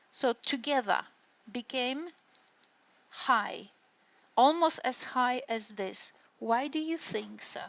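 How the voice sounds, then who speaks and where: A woman's voice: a little high, a bit bright, no echo. A woman lecturer explaining step by step, often checking in with her listeners with "right?" and "hey?". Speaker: university lecturer. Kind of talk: recorded online lecture on intonation. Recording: dull lo-fi lecture recording.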